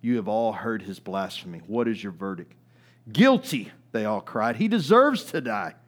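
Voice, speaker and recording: A man preaching a sermon in a conversational way, often asking "right?", moving between loud, emphatic peaks and quiet, low stretches. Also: very animated, moderate pace. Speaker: pastor.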